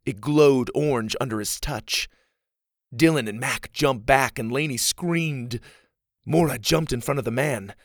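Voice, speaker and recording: A man narrating an audiobook in an expressive, unhurried way. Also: mid-range voice, no room sound, clean studio sound.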